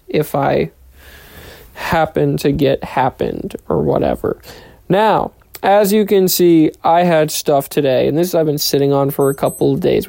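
A young adult holds a solo podcast chat in an easy, middle-pitched voice. The talk rambles from story to story. Quoted lines get played out in silly voices. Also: gravelly, mellow. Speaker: podcast host, trainee pilot. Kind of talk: casual solo podcast monologue.

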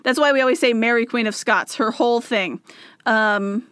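A woman's voice: a little high, normal speed, a bit bright, smooth, no room sound, studio quality. Giggly woman co-hosting a chat podcast. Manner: giggly, laid-back banter. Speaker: podcast co-host. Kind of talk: casual chat.

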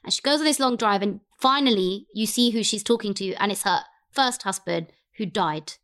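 Woman, chatty podcast co-host, expressive, mid-pitched voice, swears a lot. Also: moderate pace. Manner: animated, expressive, swears freely. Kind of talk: casual chat, storytelling.

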